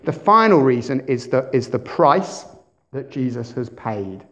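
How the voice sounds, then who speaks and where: A man preaching a sermon as pastor, animated, with big swings in loudness and questions put to the congregation. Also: medium pitch, a little slow. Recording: dull lo-fi sermon recording.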